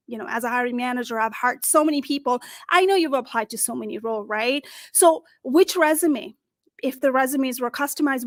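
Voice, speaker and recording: A middle-aged woman coach talks to camera in a high, bright voice, with punchy emphasis and little acted-out phone calls. The sound is dry and close, with no room around her. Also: no room sound. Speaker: career coach. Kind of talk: direct-to-camera advice talk.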